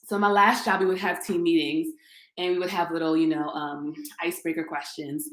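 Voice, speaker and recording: A deep, steady, slightly bright voice belongs to a twentysomething YouTuber touring her modern open-plan apartment indoors for live-stream viewers. She talks a little fast, playful and chatty, right to her audience. Her camera mic picks up echoey rooms as she walks.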